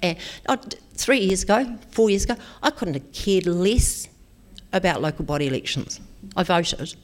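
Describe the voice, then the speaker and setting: A woman's voice: fairly low pitch, moderate pace. A woman giving an encouraging talk, checking in with "okay?" often. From New Zealand. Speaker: speaker. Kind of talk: motivational talk to an audience.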